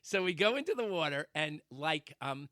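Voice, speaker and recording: A man co-hosting a talk radio show, telling a comic story with sound effects and shouted quotes. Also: fairly high pitch, very animated, moderate pace, dry recording, studio quality. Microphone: studio microphone.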